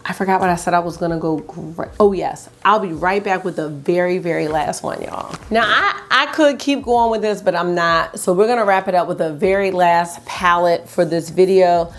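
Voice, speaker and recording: A woman's voice: lowish voice, normal speed, few pauses. A young adult woman chatting enthusiastically at home as she reviews makeup for her vlog. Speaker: beauty vlogger. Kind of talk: casual makeup review chat.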